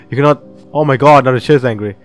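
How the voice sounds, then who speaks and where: A man's voice: mid-range voice, fairly quick, faint music behind. A man hosting a casual let's-play, reading the game's text aloud and reacting with laughs and swearing. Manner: chatty, swearing, reads game text aloud, laughs often. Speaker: gaming channel host.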